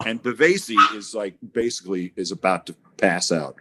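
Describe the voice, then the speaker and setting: A man's voice: low-pitched, brisk, hardly any pauses, a bit bright. A man guesting on a podcast, telling anecdotes with big swings in his voice and acted-out quotes. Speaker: guest broadcaster.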